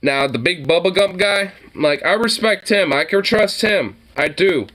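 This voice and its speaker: A man giving casual, animated reaction commentary on gun videos, swearing often and laughing at the clips. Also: sits high, unhurried.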